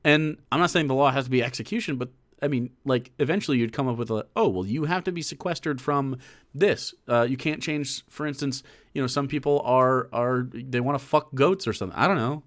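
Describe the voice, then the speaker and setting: A man's voice: medium pitch, a little fast, a bit bright. A young man reacting to a video on stream, with casual, profane commentary and laughing asides.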